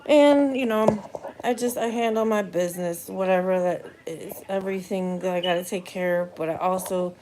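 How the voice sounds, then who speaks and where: A woman's voice: lowish voice, normal speed, heavy background noise. A woman livestreaming casually as a mother, rambling loosely and thinking aloud as she talks. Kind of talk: casual live-stream chat.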